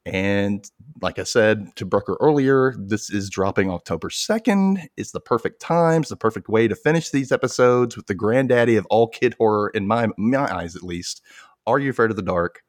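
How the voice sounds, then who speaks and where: A man hosting a podcast in a casual, animated chat, laughing and swearing freely. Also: on the low side, normal speed, dry recording, clean studio sound. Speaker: podcast host.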